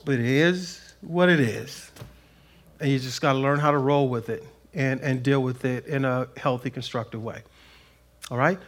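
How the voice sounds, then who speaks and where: A middle-aged pastor preaching a sermon, animated, acting out quotes in a raised voice. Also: male voice, medium pitch, moderate pace.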